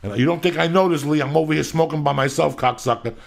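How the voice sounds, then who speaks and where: A man's voice: on the high side, fast. A middle-aged man hosting a podcast, telling rambling, profane stories in a casual chat. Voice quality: gravelly, husky. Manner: loud, rambling storyteller, heavy swearing. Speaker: podcast host.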